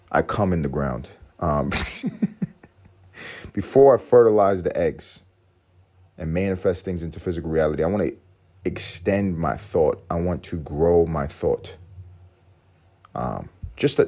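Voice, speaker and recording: Deep-voiced profane rambling podcast man. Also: a little mellow. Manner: profane, rambling, self-mocking. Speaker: podcast host. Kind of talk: casual solo podcast rant.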